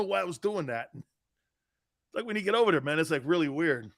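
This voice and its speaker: A middle-aged man hosting a sports talk show in casual chat, laughing often and breaking into loud outbursts. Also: a little high, expressive, fairly quick, dry recording, clean studio sound.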